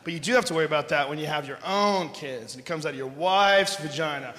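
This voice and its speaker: A man doing a loud, profane stand-up routine in front of a live audience, often breaking into shouts. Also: on the high side, fast. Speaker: stand-up comedian. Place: large concert hall, live audience. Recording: echoey live hall recording with noise.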